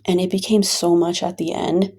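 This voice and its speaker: A woman's voice: lowish voice, level tone, normal speed, mellow, husky. A woman telling her own story in a venting vlog, talking emphatically and repeating points for stress. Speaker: vlogger.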